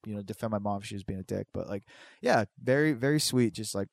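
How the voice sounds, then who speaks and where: A man's voice: lowish voice, fast talker, gravelly, no room sound. A man telling a long personal story in casual chat, rambling and swearing, with many restarts. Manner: acts out quoted people in a raised voice.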